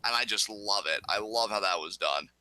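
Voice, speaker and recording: A man's voice: on the low side, normal speed, bright, forceful tone, dry recording. A man co-hosting a casual wrestling review chat, talking with enthusiasm. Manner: enthusiastic, acts out quoted lines in bursts. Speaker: co-host reviewing wrestling episodes.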